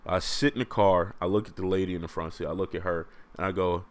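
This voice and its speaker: A young man hosting a podcast alone, telling a story casually in slang, animated and often laughing. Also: low voice, fast, few pauses. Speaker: podcast host.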